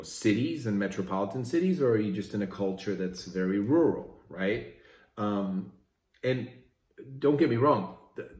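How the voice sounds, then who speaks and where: A Swiss-born man in middle age speaks to his viewers in a relaxed, chatty motivational talk, often tossing in "right?". His voice sits on the low side. The room adds a noticeable echo. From Switzerland. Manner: conversational, often asks "right?". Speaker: vlogger. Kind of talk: casual motivational talk to camera.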